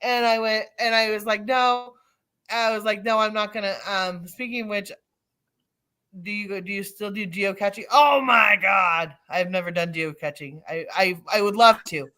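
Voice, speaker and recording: A middle-aged woman telling stories in casual chat, acting out the quotes with lively energy. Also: medium pitch, moderate pace. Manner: animated storyteller, acts out quotes.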